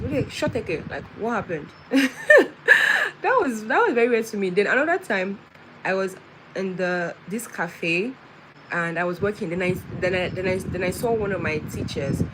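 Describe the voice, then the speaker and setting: A young woman from West Africa telling travel stories in casual live-stream chat. She talks in an animated way, restarts her sentences often and laughs as she goes. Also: mid-range voice. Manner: chatty, with many restarts and laughs, animated storytelling. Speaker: vlogger. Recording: noisy background with vehicle sounds.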